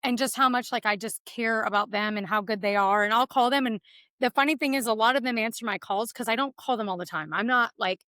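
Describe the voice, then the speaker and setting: A woman's voice: a little high, fairly quick, sharp tone, no room sound. A woman with a Texan accent, a real estate agent being interviewed, talking casually and enthusiastically with many fillers.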